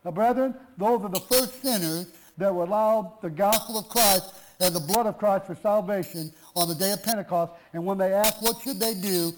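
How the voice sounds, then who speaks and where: A man's voice: high voice, moderate pace, noisy background. A man preaching a sermon, pressing his point with rhetorical questions and emphatic repetition.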